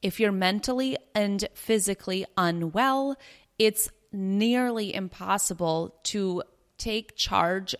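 A woman's voice: mid-range voice, a bit bright, clear, resonant tone. A young adult woman hosting a podcast, teaching in an earnest, conversational way and repeating herself for emphasis. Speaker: podcast host. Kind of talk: casual teaching monologue.

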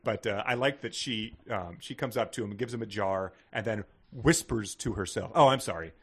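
A man's voice: lowish voice, fairly quick, breathy edge. A man co-hosting a comedy podcast about a book, joking and reading passages aloud in playful voices. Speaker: podcast co-host.

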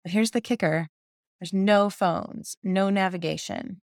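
A woman's voice: medium pitch, unhurried, darkish tone, no echo, clean studio sound. A woman in her fifties, a journalist guest telling her story in a casual podcast chat, enthusiastic and laughing often. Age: 50s.

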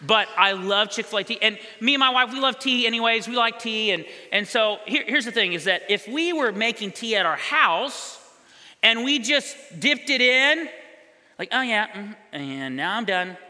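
Animated high-voiced male pastor in a hall. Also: normal speed. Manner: animated, conversational, acts out little scenes. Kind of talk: sermon. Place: church sanctuary.

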